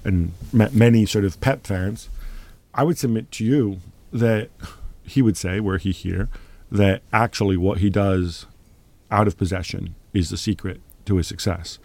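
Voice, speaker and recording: A man's voice: fairly low pitch, unhurried, creaky, darkish tone, no room sound. A man hosting a football podcast in a studio, playing devil's advocate with a dry, sarcastic edge. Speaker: podcast host.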